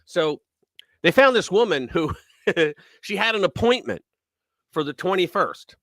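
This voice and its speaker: A man hosts a live news talk stream in a loose, mocking manner, now loud, now muttering. His pitch sits a little high and swings a lot. The sound is dry and close. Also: expressive, a little slow, no room sound. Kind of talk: casual opinion talk.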